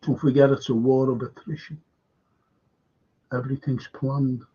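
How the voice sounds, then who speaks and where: A man's voice: medium pitch, level tone, measured pace, dark tone, breathy edge. A man hosting a live stream, rambling emphatically, repeating himself and firing questions at his viewers. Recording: dull lo-fi stream audio.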